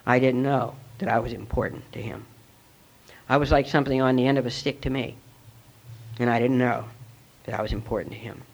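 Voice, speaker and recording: A man's voice: mid-range voice, fairly even intonation, brisk, gravelly, pauses often. A middle-aged man giving a personal testimony at a recovery meeting, earnest and reflective as he tells his story. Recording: dull lo-fi recording.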